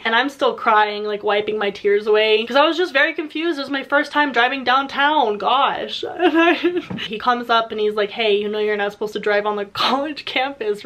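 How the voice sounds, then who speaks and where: Laughing young woman telling a story. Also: fairly high pitch. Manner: animated, laughs often, many "like" fillers. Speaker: YouTuber. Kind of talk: casual storytelling.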